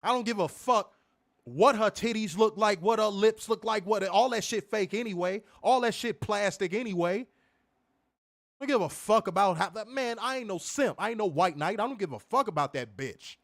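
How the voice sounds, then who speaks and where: Angry high-voiced man ranting. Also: normal speed. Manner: angry, emphatic, profane. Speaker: wrestling show co-host. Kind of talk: heated profane rant on a stream.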